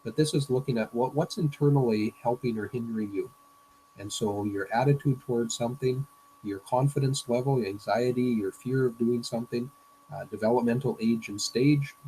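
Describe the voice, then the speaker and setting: A male business coach delivering an explanatory presentation lecture. His voice sits at an ordinary middle pitch, and he speaks haltingly, often pausing on fillers and restarting his phrases. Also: dark tone, a little hiss or hum, low-quality recording. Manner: hesitant, frequent fillers and restarts.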